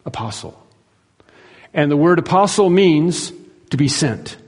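A man preaching a sermon, emphatic, rising to loud peaks and dropping to hushed asides. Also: fairly high pitch, a little slow, big-room sound. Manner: emphatic, swings between soaring and hushed. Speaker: pastor.

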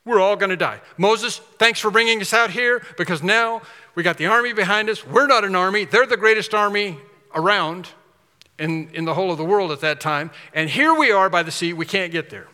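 A man's voice: on the high side, lively intonation, quick pace, few pauses, pushed and bright, big-room sound. A man voicing a grumbling crowd that mocks and complains in a sarcastic tone. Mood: panicky. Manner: mocking, sarcastic, panicky.

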